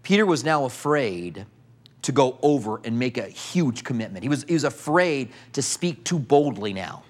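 A man's voice: medium pitch, very animated, moderate pace. A man preaching a sermon, retelling a story vividly and asking his listeners questions.

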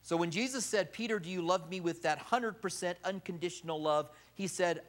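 Storytelling preacher man, swinging loud to soft. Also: high voice, fairly quick. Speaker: pastor. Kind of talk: sermon.

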